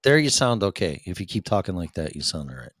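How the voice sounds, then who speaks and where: A man's voice: deep voice, big pitch swings, fast, a bit bright, no echo. A man hosting a casual podcast, talking in a rambling, profane way while fiddling with his audio gear. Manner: profane, rambling, distracted by equipment. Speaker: podcast host. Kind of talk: casual chat.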